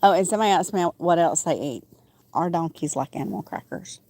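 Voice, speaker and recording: A woman's voice: fairly low pitch, brisk, darkish tone. A woman, chatting casually on a livestream from outdoors on her small farm, rambling with frequent "um" fillers. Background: roosters crowing and farm animals.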